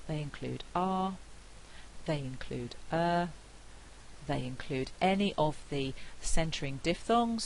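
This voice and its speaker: Low-voiced British woman lecturing. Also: low-quality recording. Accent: non-rhotic British English. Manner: clear, deliberate demonstrations of example phrases. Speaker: university phonetics lecturer. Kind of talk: academic lecture. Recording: faint hiss.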